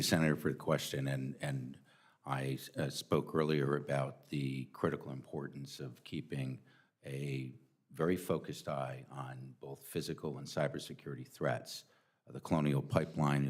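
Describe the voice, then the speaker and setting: A man with a very deep voice gives formal testimony at a desk microphone in a hearing room. He is measured and earnest, pausing on hesitant fillers. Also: husky. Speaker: nominee testifying.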